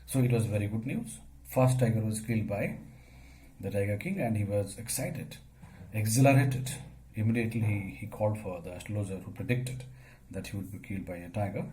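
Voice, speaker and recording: A man, teaching a story as a lecture. He asks questions and answers them himself, using many fillers, and his voice gets suddenly louder at times. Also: lowish voice, fairly quick, slight background noise, rough recording.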